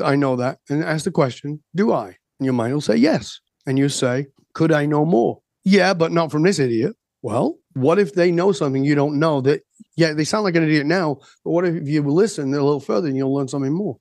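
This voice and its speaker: A man's voice: on the high side, dry recording. Emphatic man, dry close sound. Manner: emphatic, rising to preachy intensity. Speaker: guest coach. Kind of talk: podcast interview.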